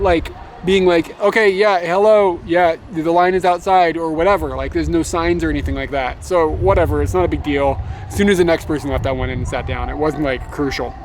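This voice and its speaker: A young man telling a story in a casual travel vlog, animated and swearing, laughing as he rants. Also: a little high, a little hiss or hum. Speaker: motovlogger.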